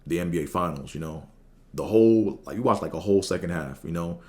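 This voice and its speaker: Low-voiced guy hosting a podcast, rambly storytelling, lots of ums, goes high when he quotes people. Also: fast, warm tone. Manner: rambling, many fillers, acts out quotes in a raised voice. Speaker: podcast host. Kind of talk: casual storytelling monologue.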